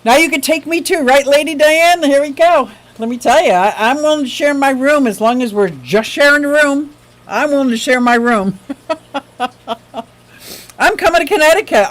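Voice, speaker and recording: A woman hosting a live stream for her aquarium channel, reading viewer tips in casual chat, gushing and excitable, laughing often. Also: high-pitched, moderate pace, low-quality recording.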